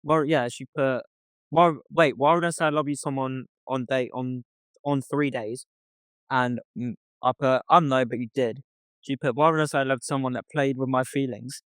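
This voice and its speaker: A man's voice: mid-range voice, fairly even intonation, normal speed, no echo. A young man co-hosting a casual podcast, telling a story by reading out text messages and swearing often. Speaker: podcast co-host. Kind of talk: casual chat.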